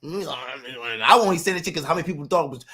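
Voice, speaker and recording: A man's voice: fairly high pitch, fast talker, slightly rough. A man in a casual monologue rant, full of profane street slang, acting out what people say. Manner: animated, profane street slang, acts out quotes.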